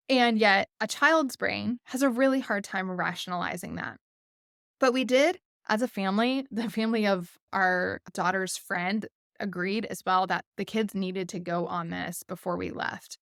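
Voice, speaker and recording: A woman in her thirties hosting a podcast, telling a family story in a casual, animated way with frequent laughs and "like" fillers. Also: mid-range voice, normal speed, vocal fry, dry recording, studio quality. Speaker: podcast host.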